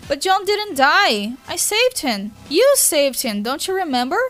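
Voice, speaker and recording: A woman's voice: high voice, big pitch swings, unhurried, a bit bright, soft background music, heavily acted. Woman reading a soothing teen girl. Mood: coaxing. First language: Brazilian Portuguese. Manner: soothing, coaxing. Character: patient, soothing teenage girl.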